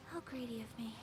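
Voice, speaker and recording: A graceful young noblewoman swordfighter. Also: on the high side. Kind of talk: game character voice lines. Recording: game audio over loud game music.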